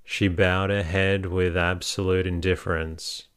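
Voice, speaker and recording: A man calmly narrating a classic novel as a soothing bedtime sleep story. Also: deep voice, unhurried, clear, resonant tone. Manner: calm, soothing.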